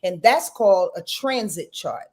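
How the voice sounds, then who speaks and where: A woman's voice: medium pitch, lively intonation, measured pace, darkish tone. Chatty woman explaining with many fillers. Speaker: podcast guest, astrologer. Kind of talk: casual interview talk.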